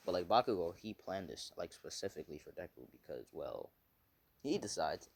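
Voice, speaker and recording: A man's voice: low-pitched, big pitch swings, normal speed, no room sound. A man casually telling a made-up story off the cuff, rambling, correcting himself often and swearing. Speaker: fan fiction storyteller.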